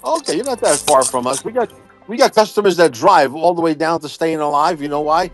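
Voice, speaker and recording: A man hosting a podcast in casual chat, loud and profane, boastful and rambling with many fillers. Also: fairly high pitch, expressive, brisk, faint music behind. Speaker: podcast host.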